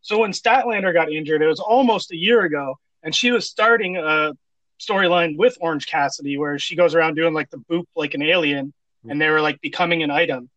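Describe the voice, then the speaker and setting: A man co-hosting a casual wrestling chat, excitable and swearing casually. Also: on the high side, a little fast, no room sound, highs cut off. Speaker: podcast co-host.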